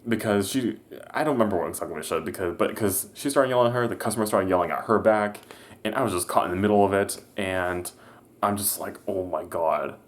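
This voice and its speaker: A man's voice: on the low side, fast talker. A young man casually telling a work story, hesitant, with many restarts and fillers. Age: young adult. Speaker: vlogger.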